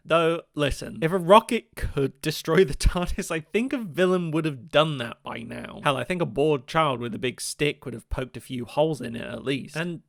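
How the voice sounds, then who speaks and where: A young man narrates his commentary with a wry, joking edge. His voice sits a little high and carries a gravelly crackle. The sound is bright and dry. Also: normal speed, hardly any pauses, dry recording. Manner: wry, jokey asides. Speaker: video essayist. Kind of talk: scripted commentary.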